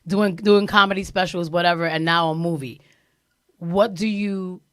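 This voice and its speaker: A woman's voice: on the low side, fairly even intonation, moderate pace, no room sound, studio quality. A female co-host in casual interview chat, reacting with giggly exclamations.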